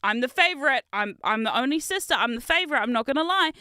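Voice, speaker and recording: Bright chatty young woman storyteller. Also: sits high, expressive, fast talker, no room sound, clean studio sound. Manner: chatty, rambling storyteller with laughs and fillers. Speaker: streamer. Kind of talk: casual chat while building.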